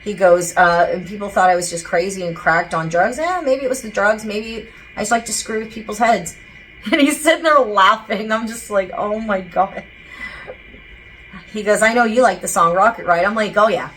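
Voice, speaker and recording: A woman's voice: medium pitch, moderate pace, fairly bright tone, a little hiss or hum, low-quality recording. A woman speaking as a psychic medium, rambling casually and relaying quotes with many fillers and restarts. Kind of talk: casual channeling monologue.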